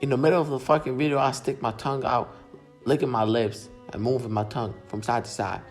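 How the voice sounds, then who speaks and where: A man's voice: mid-range voice, fairly even intonation, quick pace, soft background music. A young man vlogger casually commenting on his own silent video, laid-back, swearing and mocking himself.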